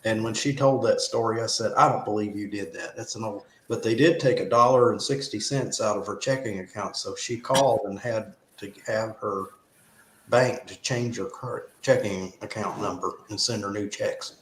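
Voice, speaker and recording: A man telling stories in a casual chat, lively and a bit drawn-out. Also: on the low side. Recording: echoey room with faint noise.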